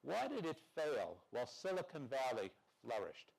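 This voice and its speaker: An older man from New York gives a conference talk in a wry, storytelling manner. He acts out the people he has met in quick bits of dialogue, in a voice of middling pitch. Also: huge pitch swings, vocal fry, a little mellow, breathy edge, low-quality recording. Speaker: conference speaker.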